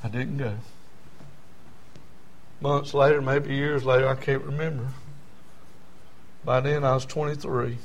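A middle-aged man preaching a sermon and telling his own testimony, swinging from loud pleading to low hushed tones. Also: little pitch movement, moderate pace, long pauses. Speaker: pastor.

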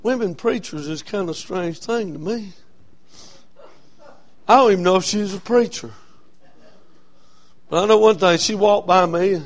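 A man preaching a sermon as a Baptist pastor, telling a story that swings from quiet and low to loud and raised. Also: measured pace, long pauses.

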